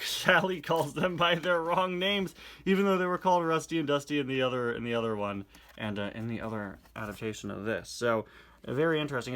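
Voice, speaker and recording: A man's voice: mid-range voice, fairly bright tone. A man hosting a casual comic review, chatty, with playful asides and self-corrections.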